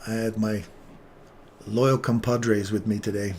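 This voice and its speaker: A man's voice: fairly low pitch, flat delivery, unhurried, a little mellow, a little hiss or hum. A man hosting a live trading stream, chatting casually and joking with viewers by name.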